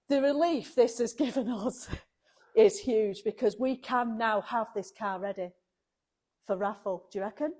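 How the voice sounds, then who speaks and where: A woman hosts a casual vlog, talking straight to her viewers in a slightly high voice. She is emotional and quick to laugh, and thanks people warmly as she goes. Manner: warm, emotional, laughs often. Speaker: vlogger leading a car restoration. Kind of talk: casual chat to camera.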